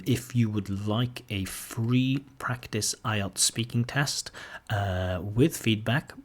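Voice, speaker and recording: A man teaching an exam speaking lesson in a relaxed, self-deprecating way, modelling example sentences. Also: on the low side. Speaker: IELTS examiner and teacher. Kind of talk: casual video lesson.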